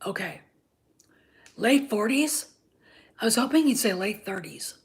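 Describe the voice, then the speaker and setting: A woman in her fifties hosting her own channel, ranting about a TV show, sarcastic and profane, often dropping into a hushed whisper and pressing her points with "okay?". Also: a little high, lively intonation, measured pace. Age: 50s. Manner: emphatic, repeats "okay?" for emphasis. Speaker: channel host and TV critic. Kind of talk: ranting commentary.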